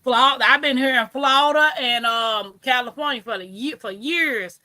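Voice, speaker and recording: A woman's voice: high voice, moderate pace, pushed and bright, no echo. A woman co-hosting a casual stream chat, teasing and playful. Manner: teasing and playful, laughs often.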